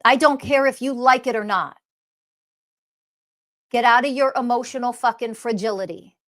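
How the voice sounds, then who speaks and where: A woman's voice: on the high side, normal speed, a bit bright. A woman speaking as a spiritual teacher in a blunt, scolding monologue, swearing often. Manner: mocks others in quoted voices.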